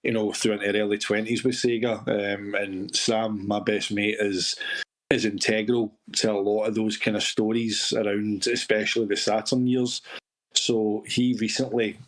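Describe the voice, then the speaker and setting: A man's voice: on the low side, flat delivery, normal speed. Scottish man reminiscing on a voice call. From Scotland. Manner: reminiscing, talks in long flowing runs with "you know". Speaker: podcast guest. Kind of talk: casual chat on a live voice call.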